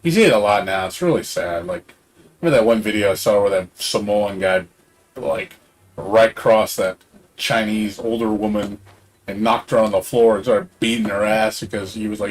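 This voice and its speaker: A man's voice: fairly low pitch, normal speed. Rambling middle-aged man streaming. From Hispanic background. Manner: rambling, swears freely, fillers. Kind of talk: casual chat while streaming a game.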